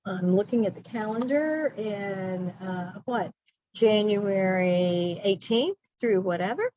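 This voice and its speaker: A woman's voice: medium pitch, expressive, slow, dark tone, no room sound. A middle-aged woman walks teachers through a planning workshop. She keeps it chatty and upbeat, dropping playful asides between points. The recording is dry and slightly muffled, like a computer mic. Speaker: teacher trainer.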